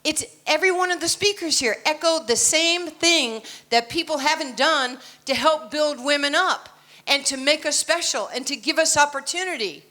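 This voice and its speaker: A woman's voice: high voice, pushed and bright. A woman in her sixties with a New York accent, giving a blunt, emphatic motivational keynote full of personal stories. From United States. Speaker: keynote speaker. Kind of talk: motivational speech.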